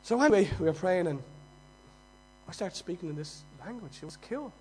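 Man, Dublin accent, preaching a sermon, high voice, quiet asides and loud shouts, faint music and mains hum. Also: lively intonation, fairly quick, slightly rough, poor audio. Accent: Dublin Irish. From Dublin, Ireland.

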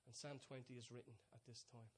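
A man preaching a sermon, telling stories with many restarts, dropping to hushed asides and rising to excited peaks. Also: mid-range voice, fast talker. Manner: storytelling, swings from soft hushed asides to loud excited peaks.

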